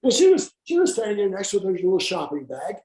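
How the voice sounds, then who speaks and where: A man's voice: high-pitched, wildly swooping pitch, fast, mellow, echoey room. A man, an interview guest, telling an anecdote in casual conversation and acting out the voices he quotes.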